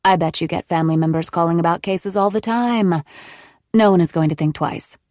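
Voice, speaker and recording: A woman voicing a scheming, manipulative woman who speaks low and measured in an audiobook. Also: a little mellow, no echo, studio quality, lightly acted. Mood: cold. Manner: low, measured, coolly defiant.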